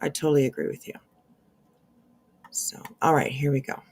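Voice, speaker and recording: A woman's voice: extremely low pitch, sing-song, normal speed, creaky, a little mellow, husky. A woman hosting a casual commentary stream, chatty and agreeable, with many fillers and restarts. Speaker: commentary channel host.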